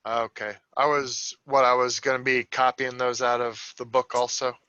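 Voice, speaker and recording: Crisp, bright-voiced male player, dry lo-fi. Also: medium pitch, little pitch movement, normal speed, no room sound. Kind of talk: casual tabletop game chat. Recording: dry, dull lo-fi sound.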